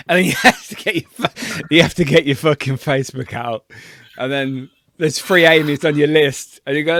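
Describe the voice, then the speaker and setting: A man's voice: fairly high pitch, moderate pace, fairly bright tone, dry recording. A man co-hosting a podcast, bantering with laughter and swearing. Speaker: podcast co-host. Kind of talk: casual chat.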